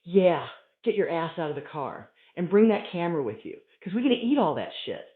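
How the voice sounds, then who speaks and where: A man's voice: on the high side, big pitch swings, fairly quick. Swaggering hungry lion, as a guy puts him on, crude, swoopy voice, tinny and echoey. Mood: taunting. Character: hungry, menacing male lion taunting tourists. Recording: tinny, roomy live recording.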